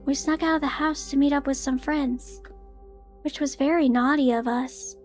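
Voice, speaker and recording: A woman voicing creepy teenage twin girls in a plain, flat monotone. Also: high-pitched, normal speed, soft background music, lightly acted.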